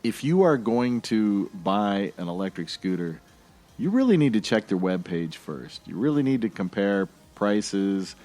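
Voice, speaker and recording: A man's voice: lowish voice, big pitch swings, measured pace, a little mellow, faint music behind. A man hosting a podcast alone, talking in a casual, jokey and rambling way. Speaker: podcast host.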